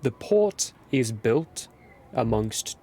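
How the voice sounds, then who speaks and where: A man's voice: medium pitch, big pitch swings, drawn-out words, dark tone, a little hiss or hum. A man narrating a tabletop game as game master, describing scenes while searching for words.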